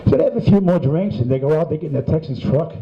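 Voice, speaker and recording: A man's voice: a little high, lively intonation, quick pace, gravelly. An older man telling a long, rambling joke in a casual, conversational way. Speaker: joke teller. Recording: dull lo-fi sound.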